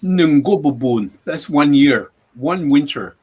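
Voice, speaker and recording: A husky-voiced man in his sixties who teaches words on a podcast. He speaks very slowly and a little high for a man, and he patiently repeats every word. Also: animated, a little mellow. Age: 60s. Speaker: language teacher.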